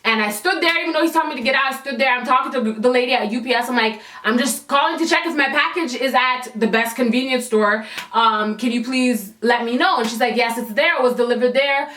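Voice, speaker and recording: Young woman, vlogger, high voice, sassy storyteller, roomy echo. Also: a little fast, hardly any pauses, pushed and bright. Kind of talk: storytime vlog. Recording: echoey room.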